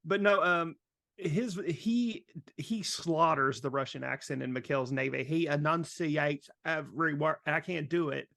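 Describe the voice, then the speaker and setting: Gravelly rambling man. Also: fairly high pitch, measured pace, fairly bright tone, dry recording, clean studio sound. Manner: rambling with restarts and fillers. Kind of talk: casual movie talk.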